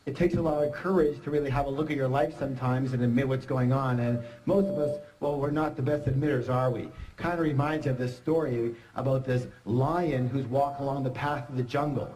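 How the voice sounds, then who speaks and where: A middle-aged man giving an energetic motivational seminar talk, joking and quizzing the audience. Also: mid-range voice, a little fast, hardly any pauses, low-quality recording. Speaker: seminar speaker.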